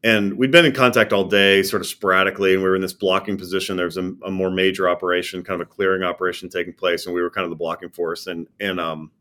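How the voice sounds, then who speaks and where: A middle-aged man with a deep, low voice tells of his combat days as a former army commander. His speech is conversational and halting, full of pauses, fillers and restarts. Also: level tone, fairly bright tone. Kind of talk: personal war recollection, conversational.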